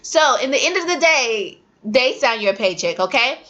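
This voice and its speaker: A woman's voice: a little high, moderate pace, lo-fi sound. A woman who teaches English to young learners, giving casual advice to new teachers and acting out classroom drills. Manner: animated, acts out classroom drills. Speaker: ESL teacher.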